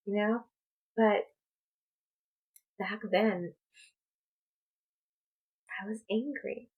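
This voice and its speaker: A woman speaking as a spiritual coach in a personal vlog, talking in a slow, halting, reflective way. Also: mid-range voice, fairly even intonation, breathy edge, narrow, tinny audio. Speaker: spiritual coach and tarot reader.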